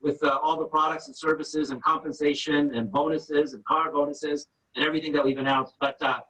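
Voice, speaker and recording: A man's voice: a little high, little pitch movement, a little fast, pushed and bright, recorded from a distance, low-quality recording. A man hosting a video call who introduces the next speaker, hesitant and full of fillers. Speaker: host of the call. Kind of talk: casual moderating.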